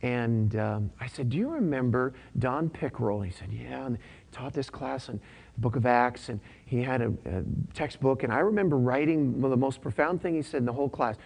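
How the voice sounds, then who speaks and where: A man's voice: mid-range voice, fairly quick, gravelly, darkish tone, husky. A pastor delivering a conversational sermon, often repeating his points and using casual slang.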